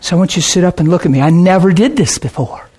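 A man preaching, telling a lively testimony story with laughter and a short sung passage. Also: high voice, fast, slightly rough. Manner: animated storytelling, bursts of laughter, sings a hymn line. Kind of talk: testimony sermon.

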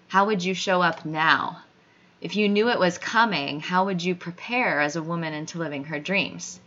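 A woman speaking as an earnest motivational host, talking straight to you in a bright, forceful voice with a slightly low pitch. The recording sounds dull and lo-fi. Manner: earnest, encouraging, talks straight to the listener. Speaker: podcast host. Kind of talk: motivational monologue. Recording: dull lo-fi audio.

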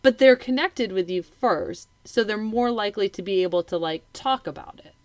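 Speaking at a normal speed with a medium pitch and no echo, a mother in her thirties co-hosts a relaxed podcast conversation. She is lively and voices what children and their parents say.

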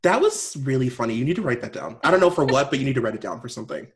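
A woman's voice: very deep voice, expressive, rapid-fire, slight background noise. A young woman co-hosting a podcast in casual chat, laughing a lot and swearing. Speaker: podcast co-host.

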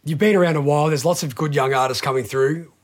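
A man's voice: on the high side, fast. A man hosting a podcast, easygoing, asking questions and agreeing often in short replies. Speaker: podcast host. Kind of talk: casual interview chat.

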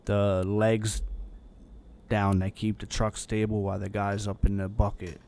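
A young man co-hosting a podcast, telling a long, rambling story in a relaxed way with lots of fillers. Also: on the low side, unhurried, slight background noise. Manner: rambling, laid-back anecdote with many fillers. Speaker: podcast co-host. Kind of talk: casual storytelling chat.

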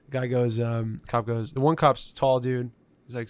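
A man's voice: medium pitch, fairly even intonation, moderate pace. A young man hosting a casual podcast, laid-back and agreeable, laughing as he tells his own stories. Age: young adult. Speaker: podcast host. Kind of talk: casual chat.

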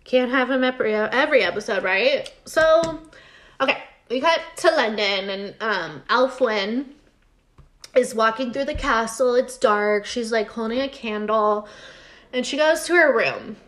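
A young woman with a slightly high voice, chatting casually as she recaps a TV episode. She talks in a loose, filler-heavy way and drops into quick impressions of the characters. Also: fairly bright tone. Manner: chatty, lots of "like", acts out characters' lines. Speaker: podcast co-host recapping a TV episode. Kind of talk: casual chat.

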